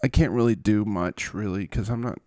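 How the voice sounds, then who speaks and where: A man's voice: on the low side, normal speed, dark tone, no room sound, natural voice. Brief: petulant, self-pitying benched quarterback, played by a man, in a dry close voice. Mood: sulky. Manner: whining, sulky, self-pitying. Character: whiny benched adult male quarterback, petulant.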